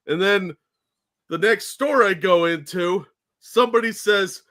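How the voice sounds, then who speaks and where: A man's voice: high voice, moderate pace, sharp tone. A man co-hosting a podcast, telling a rambling, self-deprecating story in casual chat. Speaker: co-host.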